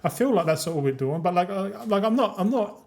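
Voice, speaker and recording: A man's voice: sits high, lively intonation, a little fast, a little mellow. An Australian man in his thirties chatting casually while streaming a game, rambling and swearing freely with frequent laughs.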